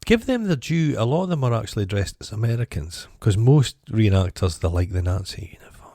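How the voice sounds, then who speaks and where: A man's voice: on the low side, animated, a little fast, dark tone, no echo, clean studio sound. A man co-hosting a podcast, blunt and wisecracking in casual chat. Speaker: podcast co-host.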